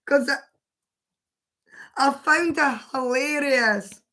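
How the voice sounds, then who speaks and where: Woman on a live stream, high voice, giggly and hoarse from laughing. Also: slow, a bit bright. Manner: giggly, fighting fits of laughter. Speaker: livestream host. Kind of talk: casual live chat.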